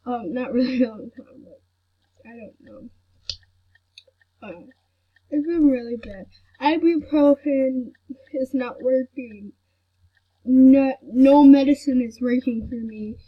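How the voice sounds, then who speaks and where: A sick woman with a headache chatting to camera in a soft, rambling way with many fillers. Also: high voice, slow pace, long pauses, husky. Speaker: vlogger. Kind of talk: casual chat to camera. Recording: dull lo-fi recording.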